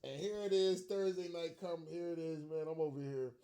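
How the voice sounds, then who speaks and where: On his own sports rant channel, a man with a fairly high, dark, clear and resonant voice vents as an upset fan. His intonation stays fairly even at a moderate pace while he swears, uses slang, repeats himself, and laughs in disbelief.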